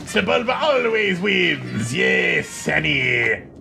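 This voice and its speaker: A scheming winged alien junk dealer, put on by a man, all wheedling car-salesman patter. The voice is gravelly and swoops up and down. Game music plays behind it. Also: sits high, very animated, slow, full character voice.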